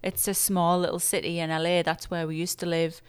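A woman from England chatting casually as an interview guest, chatty and quick to laugh. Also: fairly low pitch, flat delivery, clean tone.

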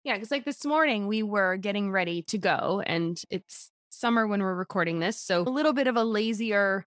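A woman's voice: mid-range voice, animated, moderate pace, a bit bright, clean tone, no room sound, studio quality. Chatty woman hosting a podcast. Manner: chatty, laughs easily, lots of "like". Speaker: podcast host. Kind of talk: casual chat.

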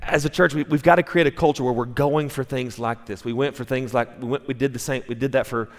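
A man's voice: mid-range voice, fairly even intonation, fast. Man preaching a sermon in a reverberant hall. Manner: conversational storytelling, frequent restarts. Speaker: pastor. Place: church sanctuary. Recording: long reverb of a church hall.

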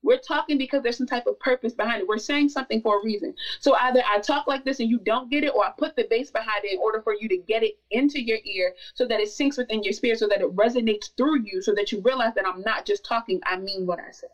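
A woman's voice: a little high, fast, hardly any pauses, distant mic, lo-fi sound. A woman speaking as a podcast guest, talking passionately and emphatically, repeating words for stress. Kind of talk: casual podcast conversation.

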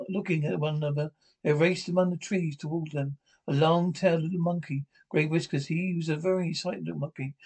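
Man reading a novel, halting. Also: a little high, a little mellow, poor audio. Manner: halting, frequent restarts and stumbles. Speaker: audiobook narrator. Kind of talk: reading a classic novel aloud.

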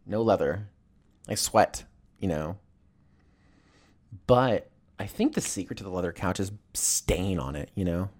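A man's voice: low voice, a little slow, pauses often. A man ranting casually and comedically, rambling and swearing as he tells stories. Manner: rambling, profane, animated storytelling.

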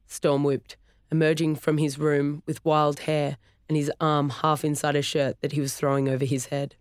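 An audiobook narrator reading scripted narration in an even, clear storytelling way. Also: medium pitch, normal speed, no echo, clean studio sound.

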